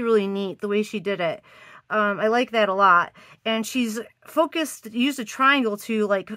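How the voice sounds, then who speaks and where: A woman's voice: fairly high pitch, bright, forceful tone, no room sound. A middle-aged woman, congested from allergies, hosting a chatty craft video with lots of ums and enthusiastic praise. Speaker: card swap host. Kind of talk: casual craft video chat.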